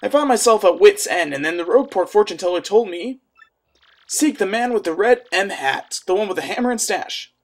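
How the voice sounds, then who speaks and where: A hoarse man voicing a sleepy old male bomb general who goes from gloomy to pompous. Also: sits high, animated, moderate pace.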